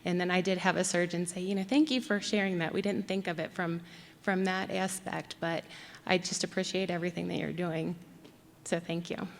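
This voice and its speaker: A woman's voice: fairly low pitch, steady tone, brisk, gravelly, big-room sound, slight background noise. A woman who is a nurse and a parent, answering hesitantly on a conference panel with many fillers. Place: large conference hall.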